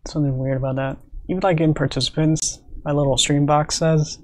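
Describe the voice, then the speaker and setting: A man's voice: on the high side, level tone, brisk, darkish tone. A man streaming live, chatting casually and rambling with lots of fillers and little laughs. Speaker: streamer and animator. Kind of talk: casual livestream chat.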